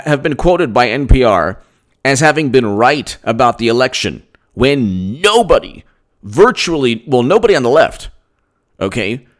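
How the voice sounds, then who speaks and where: Animated man ranting about politics. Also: mid-range voice. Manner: emphatic, repetitive, rhetorical questions; animated, laughs between points. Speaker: political commentator. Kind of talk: opinionated political monologue.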